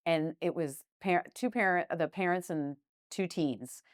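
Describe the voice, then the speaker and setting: A woman's voice: on the low side, unhurried, no echo, studio quality. A woman who owns a small business, talking frankly and animatedly in a casual interview and using fillers like "like" and "you know". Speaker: business owner, interview guest.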